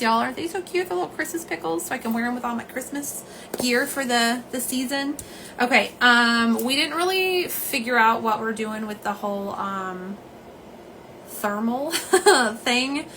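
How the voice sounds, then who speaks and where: A woman's voice: on the high side, bright, forceful tone, a little hiss or hum, poor audio. A woman chatting casually on a live stream from home, rambling and greeting viewers by name. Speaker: livestream host. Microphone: phone camera.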